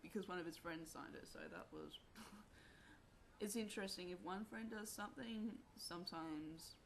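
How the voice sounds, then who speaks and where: A young woman telling a personal story to camera in a rambling, halting way, full of fillers. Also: lowish voice, a little hiss or hum. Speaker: vlogger.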